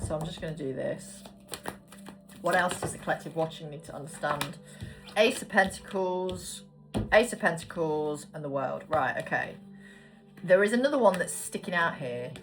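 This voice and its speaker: A woman's voice: low-pitched, moderate pace. A woman giving a casual tarot card reading, chatty and swearing casually as she talks. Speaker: tarot reader. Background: background music.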